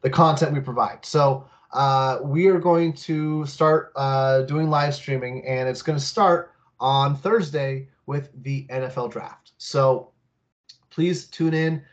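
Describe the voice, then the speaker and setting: A man's voice: mid-range voice, steady tone, slow. Rambling male podcast host, muffled mic. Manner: rambling, with many fillers and laughs. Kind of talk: casual sports podcast chat.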